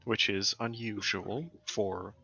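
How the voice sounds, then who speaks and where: A man narrates a tabletop game as its game master, setting each scene with easygoing fillers. His voice sits low but has a sharp, forceful edge. The call audio is dull and lo-fi, with faint music underneath. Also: fairly even intonation, takes it slowly, gravelly, breathy edge. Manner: describing scenes with loose fillers like "and whatnot".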